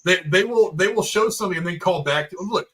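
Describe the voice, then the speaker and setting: A man with a bright, forceful voice hosts a loose, animated movie review chat. He talks a little higher than most men and swears casually as he spins his theories. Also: fast, low-quality recording. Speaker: podcast host.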